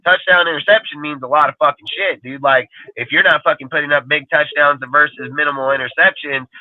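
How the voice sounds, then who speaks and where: A man's voice: a little high, no room sound. Profane ranting man on a tinny line. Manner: profane ranting, heavy swearing. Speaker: podcast panelist. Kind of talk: heated casual sports talk.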